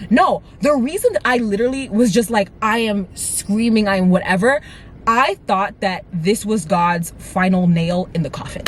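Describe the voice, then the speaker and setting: A woman in her twenties telling a dramatic storytime vlog to her viewers, with lively asides. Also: medium pitch, moderate pace, slight background noise. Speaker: vlogger. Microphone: camera mic.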